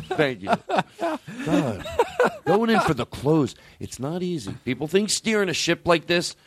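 A man hosting a comedy podcast, telling rambling, profane, excitable stories in casual chat. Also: fairly high pitch, takes it slowly, pauses often, faint music behind. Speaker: podcast host.

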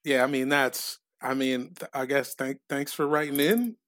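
A man's voice: mid-range voice, normal speed, fairly bright tone. A man co-hosting a comedy podcast in casual chat, reading out joke letters in a dry way. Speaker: podcast co-host.

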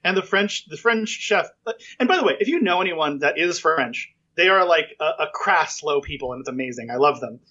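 A man's voice: a little high, animated, brisk, hardly any pauses, pushed and bright, muffled recording. A man hosting a casual podcast interview, telling jokey, rambling stories full of fillers.

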